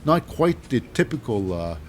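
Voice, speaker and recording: A man's voice: mid-range voice, very animated, measured pace, a little hiss or hum. A man casually recapping wrestling matches in a rambling, wry way with lots of fillers.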